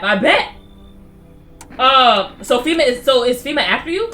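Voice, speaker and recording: A woman streamer with a fairly high voice, joking in slangy let's play commentary. Faint music runs underneath her talk. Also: very animated, unhurried, pauses often, pushed and bright. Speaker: game streamer.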